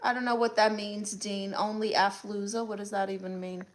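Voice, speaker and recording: A woman's voice: medium pitch, little pitch movement, normal speed. A woman with a Brooklyn accent, hosting a live stream and answering chat comments one by one with sassy, blunt comebacks. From Brooklyn, New York.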